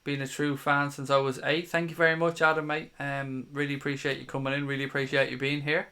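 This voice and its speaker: A man's voice: mid-range voice, level tone, fast talker, bright, forceful tone, clean tone. A man in his thirties hosting a live stream, casually reading viewer comments aloud in a chatty, matey way and swearing now and then. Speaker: fan channel host.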